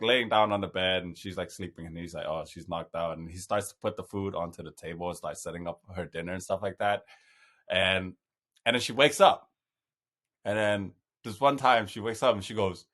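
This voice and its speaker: A young man, a podcast host, telling a comic story in casual chat, swearing freely and loudly acting out the people in it. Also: lowish voice, moderate pace. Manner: animated, swearing, voices people in stories loudly.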